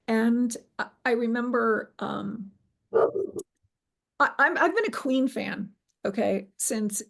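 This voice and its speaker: A middle-aged woman with a gravelly, somewhat high voice tells a personal story in an interview. She is animated, slips into quoting what people said, and fills pauses with ums and restarts. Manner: animated storyteller, acts out quoted dialogue, frequent fillers. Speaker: guest telling her near-death experience.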